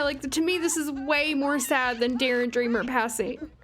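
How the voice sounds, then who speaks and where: A woman hosting a let's play, giving chatty, expressive gameplay commentary. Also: high-pitched, normal speed, a little hiss or hum.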